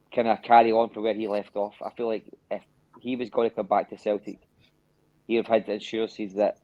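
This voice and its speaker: A man's voice: lowish voice, mellow, no room sound. A man co-hosting a football podcast, talking things through thoughtfully with many restarts. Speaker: podcast co-host. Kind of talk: casual podcast chat. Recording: dry, slightly dull lo-fi sound.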